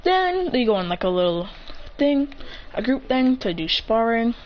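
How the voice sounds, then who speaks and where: A woman's voice: on the high side, very animated, moderate pace. Woman rambling thru a fan story, keeps restarting, muffled lo-fi mic with light hiss. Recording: dull lo-fi recording.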